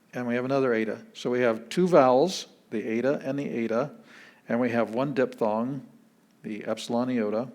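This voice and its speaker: Pastor guy teaching intro greek, laid back and chatty, says words slow to demo them. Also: mid-range voice. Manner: relaxed, chatty, repeats words slowly to model pronunciation. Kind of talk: classroom teaching.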